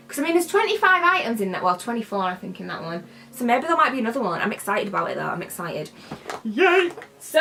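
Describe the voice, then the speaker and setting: A woman's voice: a little high, pushed and bright. A young British woman chatting casually while unboxing beauty products, playfully shifting her accent as she talks. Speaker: beauty vlogger.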